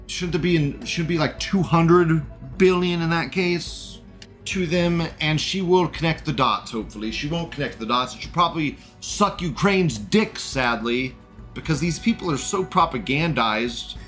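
A man hosts a livestream in a crude, sneering rant, his voice sitting a little high. He laughs often at his own remarks. Faint music runs under him. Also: measured pace, a bit bright. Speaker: host.

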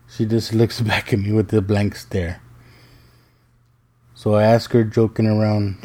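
Male host, middle-aged, unhurried delivery, warm, dark tone, casual joking storyteller. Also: fairly low pitch, little pitch movement. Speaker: podcast host. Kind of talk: casual monologue.

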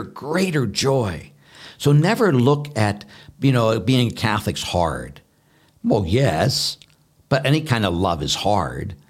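A man speaking as a Catholic priest, giving conversational spiritual teaching in an earnest, animated way, repeating words for emphasis and laughing at himself. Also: lowish voice, slightly rough.

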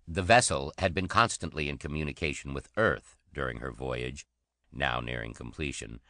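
A man narrating an audiobook in a steady, even reading voice. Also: rumbling low, no echo, clean studio sound.

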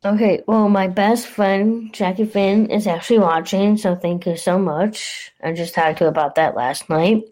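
A woman's voice: mid-range voice, steady tone, normal speed, hardly any pauses, a little mellow, rough recording. A woman co-hosting a casual podcast, answering questions hesitantly with plenty of fillers. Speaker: podcast co-host.

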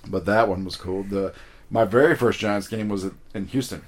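Low-voiced man telling animated stories. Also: moderate pace. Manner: animated storyteller, swears, acts out quotes. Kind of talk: casual chat.

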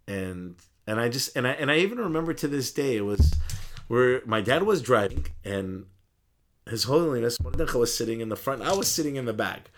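A middle-aged man, an interview guest who is a deacon and pharmacist, telling stories casually, laughing and stumbling, his pitch jumping up when he gets excited. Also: a little fast.

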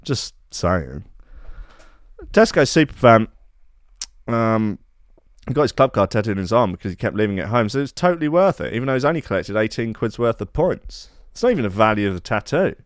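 Sardonic podcast host, lively pitch. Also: male voice, fairly quick, no room sound, clean studio sound. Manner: rambling, sardonic, with frequent restarts and asides. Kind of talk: casual comedic podcast monologue.

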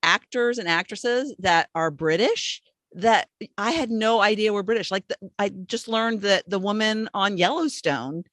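A woman's voice: mid-range voice, unhurried, no room sound. Chatty woman podcast host. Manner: chatty, giggly, trails off softly. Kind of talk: casual interview chat.

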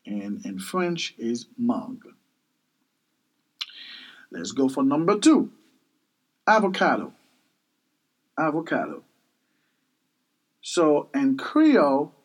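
A man hosting a podcast language lesson, repeating each word several times in a slow, animated way. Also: fairly high pitch, rough recording. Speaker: language teacher, podcast host. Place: Miami.

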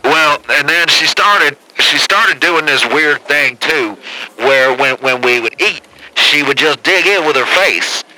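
Stammering guy caller rambling on and on, bright tinny voice, kinda high. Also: animated, a little slow. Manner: rambling, stammering, drawling redneck caller with repeated "man". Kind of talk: comedic call-in sketch.

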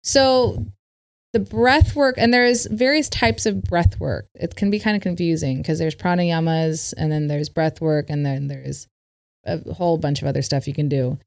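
A woman with a notably deep voice speaks as a podcast guest. She explains breathwork in an easygoing, measured way, letting her sentences trail off softly. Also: creaky. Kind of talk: casual interview chat.

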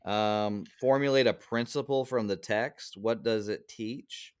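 A man's voice: on the low side, unhurried, clear, resonant tone. A man who is a pastor, co-hosting a podcast and explaining scripture in an earnest, preacherly way. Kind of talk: casual Bible study chat.

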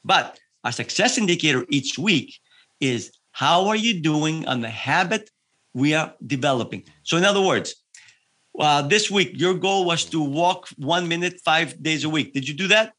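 A man working as a health coach, explaining his approach in a podcast interview, lively and full of examples. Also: on the high side, normal speed.

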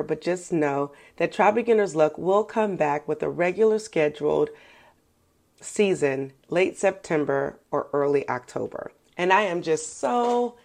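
Speaking in a deep voice with a darkish tone, this woman is the host of a laid-back live-stream chat. She greets her guests warmly, drawing out each hello in a bubbly, talkative way.

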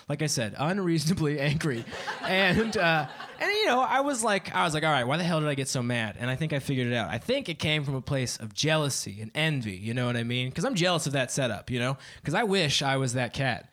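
A man's voice: fairly high pitch, big pitch swings, a little fast, sharp tone. A man in his twenties doing a stand-up set on a club stage, often laughing at his own jokes. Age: 20s. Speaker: stand-up comedian.

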